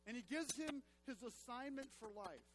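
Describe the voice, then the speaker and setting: High-voiced man preaching with emphatic repetition. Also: animated, normal speed, slight background noise. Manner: emphatic, repeats key phrases to the congregation. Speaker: pastor. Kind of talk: sermon. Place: church.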